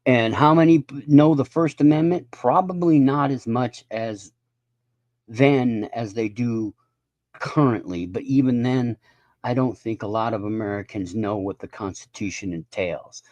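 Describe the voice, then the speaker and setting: A man's voice: mid-range voice, a little slow, a little mellow, no echo, highs cut off. A man in his fifties ranting in a casual live stream monologue, profane and rambling. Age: 50s.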